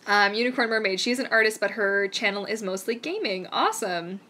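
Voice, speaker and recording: A woman's voice: medium pitch, expressive, a little fast, sharp tone. A Canadian woman hosting a live-stream Q&A, chatting in a rambling, enthusiastic way. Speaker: mermaid vlogger hosting a live Q&A. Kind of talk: casual live-stream chat.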